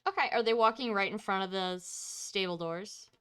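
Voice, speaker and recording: A woman playing a tabletop game, describing her character's actions in a playful, animated way. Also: mid-range voice, normal speed, smooth. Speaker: player.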